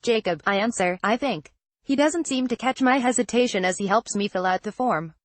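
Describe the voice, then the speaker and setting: A woman's voice: fairly high pitch, moderate pace, dry recording. Woman reading a memoir excerpt, dry sound. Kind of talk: steady read-aloud narration.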